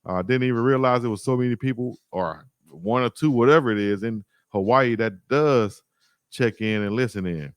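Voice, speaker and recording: A man from Alabama hosts a sports livestream. His pitch sits in the middle range, and he talks in a slangy, animated way while reading viewer comments aloud. The sound is dry and close, with no room echo. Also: normal speed, smooth. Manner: slangy, animated storytelling, reads chat aloud. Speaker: sports YouTube host.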